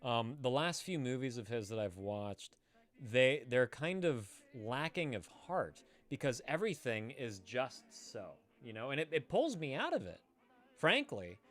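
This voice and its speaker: A young man hosting a casual live stream from California, swearing often and swinging from loud excited outbursts to quiet mumbling. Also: medium pitch, unhurried. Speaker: livestream host.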